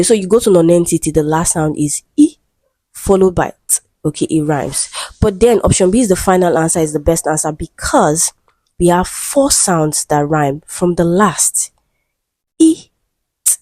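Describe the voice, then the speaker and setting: A woman's voice: low voice, mellow, no room sound, clean studio sound. A woman teaching an exam-prep English lesson, explaining each answer step by step and often checking in with "okay?".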